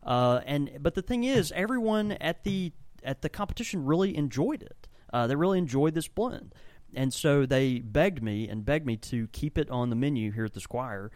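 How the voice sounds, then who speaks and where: A man's voice: a little high, expressive, moderate pace, a little mellow, dry recording. A man who owns a tobacco shop, chatting enthusiastically in a rambling way and often restarting his sentences. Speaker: tobacco shop owner and blender. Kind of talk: casual podcast chat.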